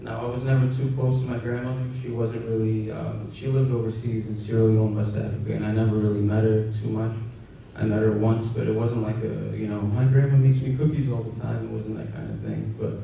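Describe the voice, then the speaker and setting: A young man recounts his own story in a halting, soft-spoken way, pausing on fillers. His low, gravelly voice sounds dark and mellow. It comes from a distance in a roomy space, dull in tone, with a faint rumble behind. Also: completely flat delivery. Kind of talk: personal storytelling.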